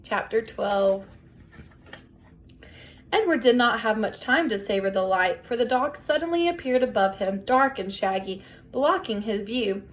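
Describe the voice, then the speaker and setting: A woman reading a children's novel aloud in a gentle, measured storytelling voice. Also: on the high side, animated. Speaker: audiobook reader.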